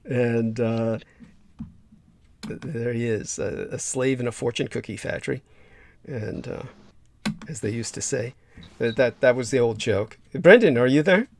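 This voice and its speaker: Hoarse gravelly man hosting a livestream. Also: medium pitch. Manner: halting, many fillers and restarts. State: hoarse, losing his voice. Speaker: livestream host. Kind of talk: casual livestream chat.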